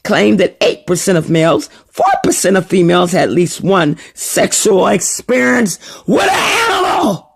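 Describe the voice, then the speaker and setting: An older woman ranting on a vlog in an animated, mocking way. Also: gravelly, breathy edge. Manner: animated and mocking, with wide pitch swings. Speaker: vlogger.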